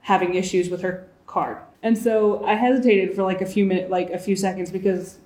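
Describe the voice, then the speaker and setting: A woman's voice: medium pitch, fairly even intonation, a little fast, dark tone. Chatty young woman in an echoey room. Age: 20s. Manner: chatty, acts out quoted voices. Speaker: guest. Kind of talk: casual chat.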